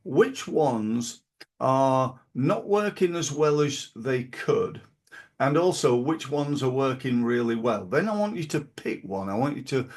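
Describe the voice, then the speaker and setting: Gravelly man giving advice. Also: medium pitch, lively intonation, slow, a little mellow. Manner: rambling, many fillers and restarts. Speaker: podcast host. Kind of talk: casual advice talk.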